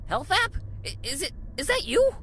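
Jittery high-pitched phone app. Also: female voice, sing-song, normal speed, a bit bright, slight background noise. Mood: worried. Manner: stammering, jittery. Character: nervous, rule-bound female phone app assistant. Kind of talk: video game voice acting.

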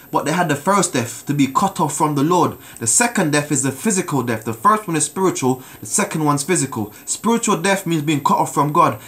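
A preacher with a mid-range, somewhat bright voice gives a sermon that includes a personal testimony. He is emphatic, repeats words, and frequently calls out to listeners for an amen.

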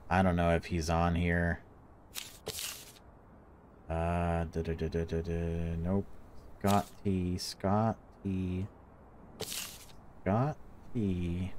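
A man's voice: low-pitched, steady tone, extremely slow, pauses often, a little hiss or hum. A man giving let's-play commentary on a horror game, jumpy and reactive, swearing when startled. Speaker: gaming YouTuber.

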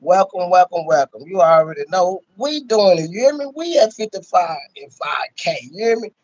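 A man from Dallas, hosting a casual livestream and hyping up his viewers with repeated shout-outs. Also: high voice, lively intonation, normal speed, no echo. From Dallas, Texas. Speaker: livestream host. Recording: dull, lo-fi stream audio.

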